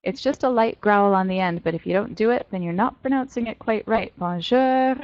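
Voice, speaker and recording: Woman teacher drilling pronunciation, lo-fi. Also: mid-range voice. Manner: encouraging, drills pronunciation slowly. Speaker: French teacher. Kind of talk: online class teaching. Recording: dull, dry lo-fi audio.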